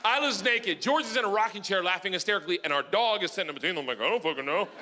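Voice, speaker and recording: A high-pitched, animated middle-aged male comedian telling a stand-up story, his voice swinging wide between low asides and shouted peaks. Noise from the live room hangs behind him. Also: rapid-fire. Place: live comedy venue with audience.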